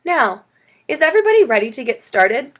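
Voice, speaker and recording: A woman's voice: high-pitched, sing-song, brisk, pitched above the performer's own voice. A woman voicing a cheerful, patient schoolteacher giving instructions to her class in a storybook reading. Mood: instructive.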